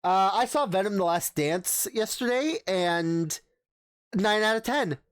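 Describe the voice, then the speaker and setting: A man's voice: sits high, expressive, unhurried, clean tone, no room sound, studio quality. A man hosting a casual podcast, chatting in a rambling way with many restarts. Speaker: podcast host.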